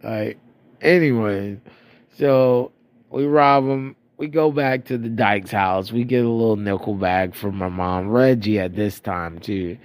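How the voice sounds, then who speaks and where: A man's voice: on the low side, unhurried, no room sound. A man in his thirties from Florida, telling rambling, profane stories about his past in a casual monologue, a bit stuffy-nosed. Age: 30s. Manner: profane, rambling, laughing at himself. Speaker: storyteller.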